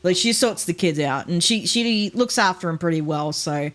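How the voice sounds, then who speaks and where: A woman's voice: fairly low pitch, animated, normal speed, fairly bright tone. A young Australian woman chatting casually as a streamer while gaming, rambling, swearing freely and laughing often. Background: faint game music.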